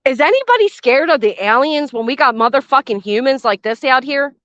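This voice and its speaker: An older woman runs a reaction commentary channel, speaking bluntly and sarcastically and swearing freely from outdoors beside a garden fence. Her voice sits high and is a bit bright, with lively intonation and a brisk pace. The recording is dry, dull and lo-fi.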